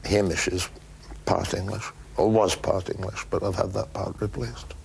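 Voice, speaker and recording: A man playing an eccentric, boastful Scottish golf coach with a Scottish accent, rambling deadpan through his memories in a comic monologue. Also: sits low, moderate pace, creaky, a little hiss or hum. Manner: deadpan rambling reminiscence with dry asides.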